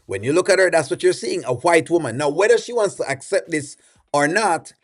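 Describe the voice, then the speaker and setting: A man with a Jamaican accent talks through a reaction video, opinionated and loose, with plenty of "you know" and "um". His voice sits a little higher than most men's. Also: animated, fairly quick. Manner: rambling, opinionated, many fillers. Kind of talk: casual commentary.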